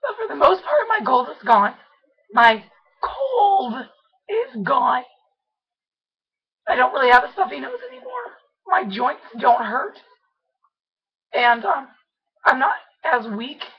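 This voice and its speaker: A young woman with laryngitis, her voice hoarse, squeaky and scratchy, pushing it to half-yelling and a little breathless as she chats casually in a video diary. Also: sing-song, slow, long pauses, dull audio. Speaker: vlogger.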